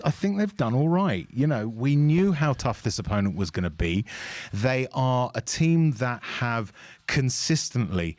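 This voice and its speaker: Bloke co-hosting a footy watch-along, lively and opinionated, dry close sound. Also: male voice, medium pitch, no room sound. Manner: animated, opinionated, jokey. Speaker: co-host of a football fan watch-along. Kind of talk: casual chat.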